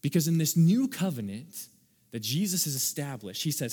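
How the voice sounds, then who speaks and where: A man preaching a sermon as pastor, animated, acting out little scenes and laughing at his own jokes. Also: fairly high pitch, moderate pace, breathy edge. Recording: long hall reverb.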